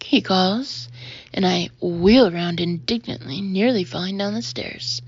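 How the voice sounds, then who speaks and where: A woman narrates a first-person audiobook with lively, emphatic delivery. Her voice has a husky edge, and the recording sounds dull and muffled. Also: mid-range voice, unhurried, dry recording. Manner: lively, expressive, emphatic in dialogue.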